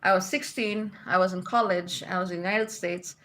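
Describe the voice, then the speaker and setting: A woman's voice: lowish voice, steady tone, a little fast, fairly bright tone. A woman from Malaysia hosting a spiritual livestream in a casual, chatty way, reading out viewer comments and laughing often.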